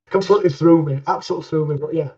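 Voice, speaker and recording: A man chatting softly as a tabletop game player, hesitant and full of fillers. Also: on the high side, fast talker. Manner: soft, hesitant, many fillers. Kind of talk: casual chat. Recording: distant, dull lo-fi mic.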